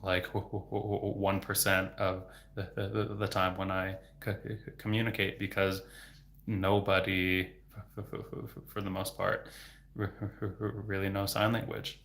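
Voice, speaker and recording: Low gravelly man who stutters heavily. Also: monotone, normal speed, a bit bright. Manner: heavy stutter with repeated sounds and words. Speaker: livestream host and speech therapist. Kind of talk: casual livestream Q&A.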